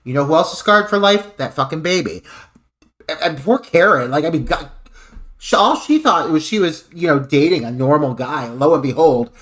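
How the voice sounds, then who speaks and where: A man's voice: a little high, animated, moderate pace, fairly bright tone. A man co-hosting a podcast, discussing a film with sarcastic, profane asides. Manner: sarcastic and wry, swears freely. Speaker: podcast co-host.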